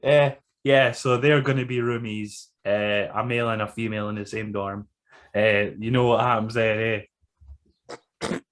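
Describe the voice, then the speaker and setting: A man's voice: lowish voice, steady tone, moderate pace, fairly bright tone. A man co-hosting a casual podcast chat, blunt and sweary, laughing often. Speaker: podcast co-host.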